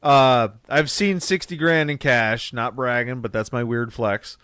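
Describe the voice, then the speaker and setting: A man's voice: mid-range voice, measured pace, a bit bright, smooth, no echo. Crude joking man on a podcast. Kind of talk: casual podcast chat.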